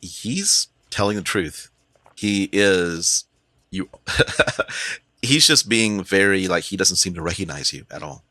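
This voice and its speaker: Lively, low-voiced male game master. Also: takes it slowly, no room sound. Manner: casual, rambling narration. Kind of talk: narrating a tabletop game.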